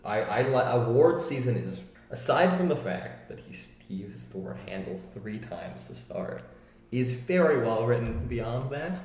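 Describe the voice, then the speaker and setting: A young man chatting casually, halting and restarting as he makes his point. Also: mid-range voice, expressive, darkish tone. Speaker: music podcast co-host. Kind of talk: casual chat. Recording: echoey room.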